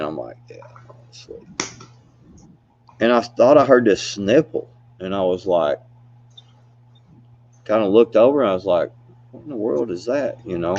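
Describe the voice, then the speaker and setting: A fairly low, darkish male voice tells stories in a laid-back, casual chat. He rambles, laughs often, and fills gaps with "you know," all on a dull, dry lo-fi recording.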